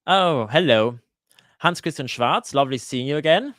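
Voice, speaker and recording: A man hosting a live Q&A for his cooking channel, chatting casually and greeting viewers by name, often pausing with "uh" and restarting his sentences. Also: mid-range voice, a bit bright, dry recording, clean studio sound. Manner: hesitant, with frequent "uh" fillers and restarts. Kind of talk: live-stream Q&A chat. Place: lives in Switzerland.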